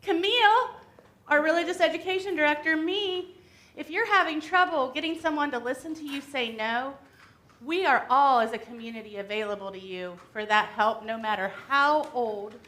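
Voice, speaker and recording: A woman leading a children's segment of a church service, explaining things gently and simply to the kids. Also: sits high, moderate pace. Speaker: worship leader for a children's segment. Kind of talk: time-for-all-ages talk to children. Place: church sanctuary.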